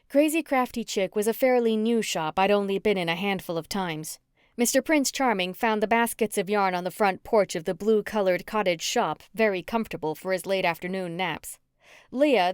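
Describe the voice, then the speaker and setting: A woman narrating a cozy mystery audiobook in first person, with an even storytelling delivery. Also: medium pitch, smooth, no echo, clean studio sound.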